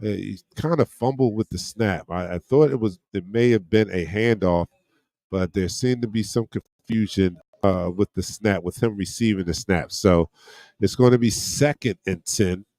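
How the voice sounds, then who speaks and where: A man giving casual play-by-play as a fan watch-along host, getting excited on big plays and chatting with viewers and friends. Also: fairly low pitch, moderate pace, dry recording.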